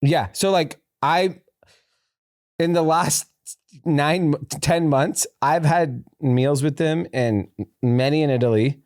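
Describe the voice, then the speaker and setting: A podcast co-host with a fairly high voice talks slowly in a studio-quality recording free of echo. His casual chat is packed with animated storytelling, frequent laughs, and swearing.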